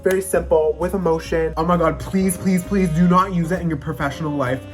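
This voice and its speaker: A young woman talking straight to camera in a brash, swearing, theatrical vlog manner. Her voice sits fairly low for a woman, with a soft music bed underneath. Casual and playful throughout. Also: steady tone, a little fast. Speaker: vlogger.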